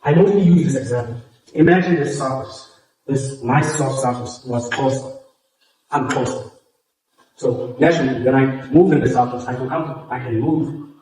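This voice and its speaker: A male public speaking coach, a native Xhosa speaker with a South African Xhosa accent in English, leads a workshop, explaining and repeating points while demonstrating. His medium-pitched, darkish voice comes at normal speed from afar in a very echoey room, with a little hiss or hum.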